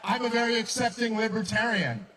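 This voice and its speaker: A man on a live panel delivering a profane, scornful rant that builds to shouting. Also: sits high, expressive, a little fast, recorded from a distance, noisy background. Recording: live stage with loud crowd.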